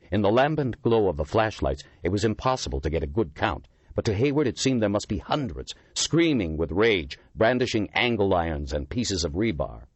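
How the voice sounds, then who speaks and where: A man's voice: low voice, husky, no echo. A man reading an audiobook as its narrator, telling the story dramatically.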